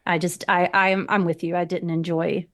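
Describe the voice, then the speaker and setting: A woman's voice: fairly low pitch, level tone, normal speed. A woman from Georgia, US, chatting as a podcast guest about a film and often laughing as she talks. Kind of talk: casual film discussion.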